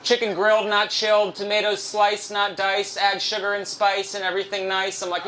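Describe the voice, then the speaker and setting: Young male comic, stand-up set, bright forceful tone, rambling and profane. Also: sits high, completely flat delivery, normal speed, hardly any pauses. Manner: rambling, profane storytelling, laughing at own jokes. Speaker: stand-up comedian. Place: live comedy show at a restaurant venue.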